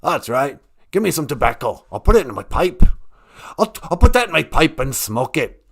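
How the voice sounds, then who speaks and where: A man's voice: fairly high pitch, big pitch swings, normal speed, fairly bright tone, exaggerated voice. A man putting on the voice of a jokey male Great Spirit who drawls with loose, casual grammar. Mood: playful.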